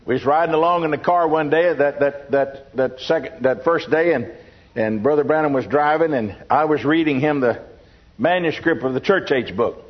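A man's voice: on the high side, moderate pace. A man from Texas with a Texan accent, preaching a sermon full of folksy, humorous stories. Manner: folksy, humorous anecdote-telling. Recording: dull lo-fi sermon recording.

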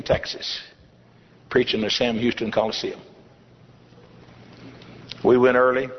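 Older preacher in an echoing hall. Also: male voice, mid-range voice, a little hiss or hum. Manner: folksy, humorous storytelling. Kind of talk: sermon testimony. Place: church hall. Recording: dull lo-fi recording in a reverberant hall.

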